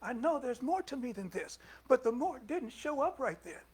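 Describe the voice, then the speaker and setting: An older man preaching a sermon in a conversational way, putting questions to the congregation and moving between loud and soft. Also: extremely high pitch, sing-song, normal speed, breathy edge. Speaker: minister.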